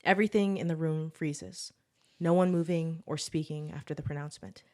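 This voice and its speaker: A woman co-hosting a podcast, reading her own original story aloud in a steady storytelling voice, then chatting and laughing with her co-host. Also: low voice, moderate pace. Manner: steady storytelling read, laughs often in chat.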